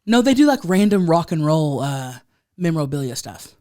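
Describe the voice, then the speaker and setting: A woman in her thirties co-hosting a podcast, chatting casually and telling a loud, animated story, with quick voices for the people she quotes. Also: low voice, no echo, studio quality. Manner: storytelling, quoting others in put-on voices. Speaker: podcast co-host. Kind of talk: casual chat.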